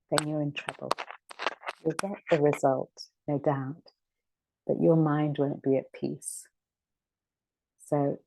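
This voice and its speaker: A woman's voice: low voice, dark tone, dry recording, rough recording. A woman teaching a scripture discussion class, reflective and returning again and again to key words. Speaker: spiritual teacher.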